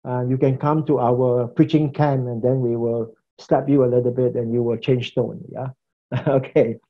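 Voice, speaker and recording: A male pastor teaching a class on preaching in an animated lecture style, acting out different preaching habits and chuckling now and then. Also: medium pitch, normal speed, dull audio.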